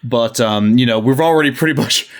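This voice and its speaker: A man's voice: mid-range voice, brisk. A man co-hosting a comedy podcast in casual, wry, joking banter. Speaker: podcast co-host.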